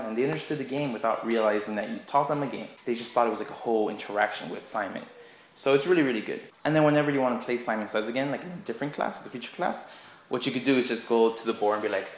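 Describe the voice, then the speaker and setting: A man teaching in a casual tutorial vlog, animated and chatty as he walks through a game for kids. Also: on the low side, fast talker, slight background noise. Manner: animated, acts out kids' voices. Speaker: English teaching assistant. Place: school classroom. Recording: roomy classroom echo.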